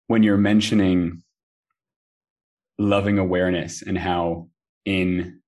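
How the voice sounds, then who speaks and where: A man hosting a podcast interview, speaking in a measured, reflective way. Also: low-pitched, level tone, a little mellow, distant mic. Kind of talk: conversational interview.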